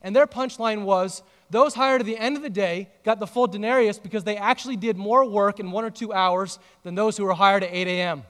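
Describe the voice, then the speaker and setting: A pastor delivers a sermon in a notably high-pitched male voice. He tells the story with lively animation and trades jokes with the congregation. His voice rings out with the long reverb of a large hall. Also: a little fast, few pauses, clear, resonant tone. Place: church auditorium.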